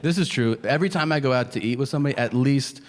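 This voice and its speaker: A man's voice: mid-range voice, fast. A man doing a self-deprecating stand-up monologue on stage, slipping into quoted voices for the joke. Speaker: stand-up comedian. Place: comedy stage before an audience.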